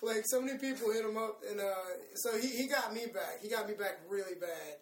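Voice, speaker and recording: High-voiced young man laughing through stories. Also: brisk. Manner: laughs often, swears, acts out quoted voices. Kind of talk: casual storytelling chat. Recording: echoey room, far from mic, noisy.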